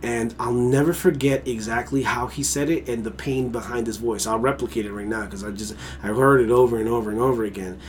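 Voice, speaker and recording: A man's voice: medium pitch, steady tone, a little fast, hardly any pauses, slight background noise. Profane, heated male podcast host. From Mexican heritage. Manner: heated, profane, emphatic ranting. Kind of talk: casual conversational podcast.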